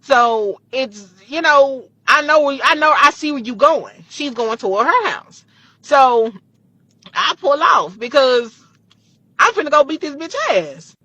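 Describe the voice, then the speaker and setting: A woman vlogger casually retelling a personal story, animated and full of profanity. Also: sits high, measured pace, dry recording.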